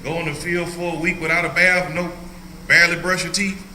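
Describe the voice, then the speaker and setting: A man's voice: a little high, little pitch movement, a little fast, bright, forceful tone, echoey room, a little hiss or hum, rough recording. An older man leading an informal Bible study as a pastor, joking and laughing often as he teaches. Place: church hall.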